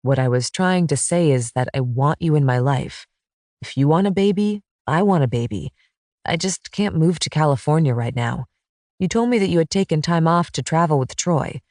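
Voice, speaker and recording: Woman voicing a low, sincere male quarterback for an audiobook, dry close recording. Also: animated, moderate pace, darkish tone, no room sound. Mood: earnest. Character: earnest romantic quarterback man, single dad.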